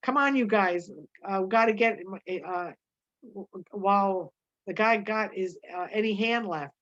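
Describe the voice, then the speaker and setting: A woman reading the lines of an anxious, protective ranch worker who yells urgent orders. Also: medium pitch, unhurried, lo-fi sound, close to an everyday voice.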